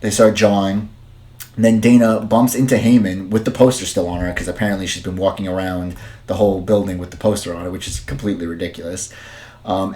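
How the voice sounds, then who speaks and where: A man's voice: fairly low pitch, a little mellow. A man casually recapping and reviewing a show as a podcast host, rambling with many fillers and restarts. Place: dim room at home.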